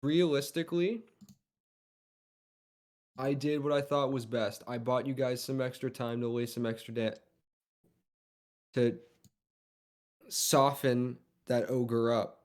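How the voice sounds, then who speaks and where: A man's voice: medium pitch, steady tone, slow pace, long pauses, close to an everyday voice. A man voicing a concussed young male adventurer who stubbornly defends his reckless choices in a tabletop game. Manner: stubborn, self-justifying.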